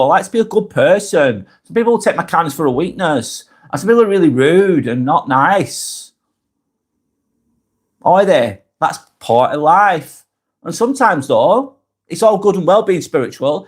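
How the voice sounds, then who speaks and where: A man hosting a live vlog, reading comments aloud and answering them bluntly, often swearing, then softening to reassure. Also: fairly high pitch, husky. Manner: blunt, sweary, swings between brusque and reassuring. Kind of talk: casual live vlog chat.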